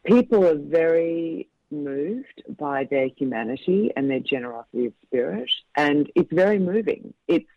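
A man, a film director, talks reflectively in a radio interview, pausing and restarting his sentences. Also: on the high side, expressive, no echo. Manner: reflective, halting, many restarts. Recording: slightly muffled dry radio audio.

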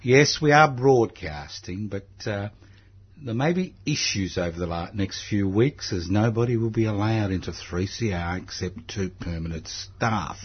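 Teasing older radio host. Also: male voice, lowish voice, unhurried, slightly rough. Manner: teasing, joking. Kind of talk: community radio chat. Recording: dull lo-fi radio recording.

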